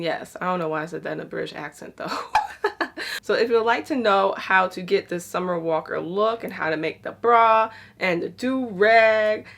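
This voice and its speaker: A woman's voice: mid-range voice, gravelly, fairly bright tone. A young woman vlogging at home, chatting casually and laughing at herself as she talks through a do-it-yourself outfit project step by step. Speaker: DIY fashion vlogger. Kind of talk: casual crafting vlog.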